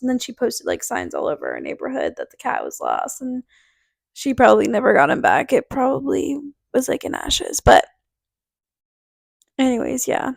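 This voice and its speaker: Chatty high-voiced young woman telling stories. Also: creaky, no room sound, clean studio sound. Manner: chatty, rambling, full of "like" and quoted dialogue. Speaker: podcast host. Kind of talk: casual storytelling monologue.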